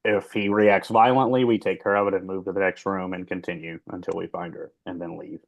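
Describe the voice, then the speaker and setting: Deep-voiced man, direct and halting. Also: steady tone, creaky, lo-fi sound. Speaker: tabletop player. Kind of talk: casual tabletop chat.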